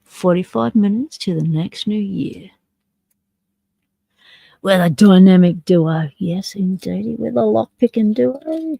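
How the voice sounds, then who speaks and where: An Australian woman hosts a live stream and talks easily with her chat, joking as she works a lock. Her voice has a gravelly, husky grain with a dark, mellow tone. The sound is dry and close, with no room around it. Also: mid-range voice, lively intonation, takes it slowly, no room sound, rough recording. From South Australia. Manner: chatty, jokey, talks to chat while picking locks.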